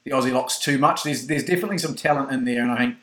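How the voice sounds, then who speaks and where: A man with a New Zealand accent co-hosting a casual rugby podcast chat, relaxed and halting, with many ums and restarts. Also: mid-range voice. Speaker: podcast co-host. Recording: echoey room.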